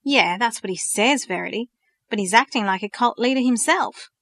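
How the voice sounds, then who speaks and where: A woman's voice: on the high side, moderate pace, a bit bright, dry recording. A woman voicing a teasing teenage boy who turns hesitant and stammering when serious, in a storybook reading. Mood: nervous.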